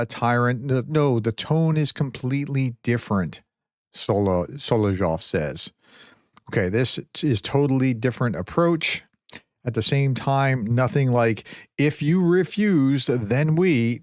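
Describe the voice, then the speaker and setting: A man's voice: medium pitch, a little slow, dry recording. Earnest man commenting, close dry sound. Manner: earnest, paraphrases quotes in a flat reading voice. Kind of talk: casual commentary on translated clips.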